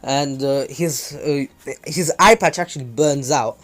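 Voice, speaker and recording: A man's voice: medium pitch, measured pace, a bit bright. A man casually retelling a fan story on his channel, loose and rambling with many ums and restarts. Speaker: channel host.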